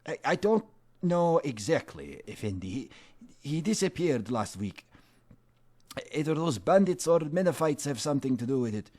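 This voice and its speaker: A man's voice: a little high, big pitch swings, moderate pace, darkish tone, voice pushed up. A man voicing a drunk old man in a desert tavern who rambles theatrically and begs for beer. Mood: wheedling. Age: older.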